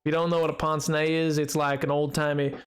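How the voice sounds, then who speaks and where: High-voiced man chatting on a game stream. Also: flat delivery, fast talker, soft background music. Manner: rambling and playful, stumbling over restarts while reading chat. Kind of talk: casual live-stream chat while gaming.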